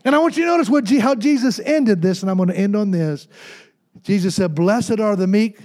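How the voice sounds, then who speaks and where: A pastor preaching a Pentecostal sermon, calling to the congregation with repeated "hello" and "amen" and building to shouts. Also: male voice, high voice, expressive, brisk.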